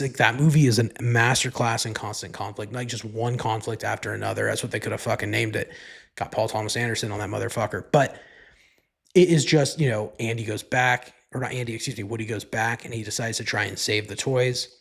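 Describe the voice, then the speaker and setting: In a casual solo podcast monologue, a male host rambles and curses, leaning on "like" in nearly every line. His fairly low voice is steady in tone, fairly quick, a bit bright and husky, with vocal fry.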